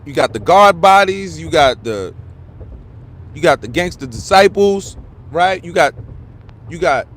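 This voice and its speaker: A man with a notably high-pitched voice delivers a fired-up live-stream rant. He repeats himself for emphasis and drops casual slang like "bruh" and "bro" between points. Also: lively intonation, a little slow, long pauses, a bit bright. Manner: heated, repetitive, slangy, calls listener "bro". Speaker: online commentator.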